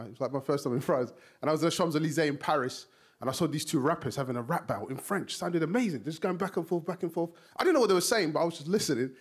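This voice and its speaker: A young man from Somalia with a South London accent, performing an animated stand-up comedy set on a TV studio stage. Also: a little high, husky. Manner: animated, acts out characters in voices. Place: TV studio stage before a live audience. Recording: live audience laughter behind.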